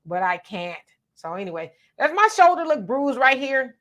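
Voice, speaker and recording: A woman with a fairly high voice, from Southern California, co-hosts a live stream. She chats casually and directly with her viewers. She tells her stories with animated energy. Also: moderate pace. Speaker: co-host of a live stream show.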